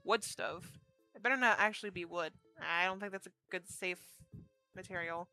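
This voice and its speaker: A young woman streamer reading a story game aloud, breaking off for quick, chatty asides to her chat. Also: fairly low pitch, bright, forceful tone, faint music behind.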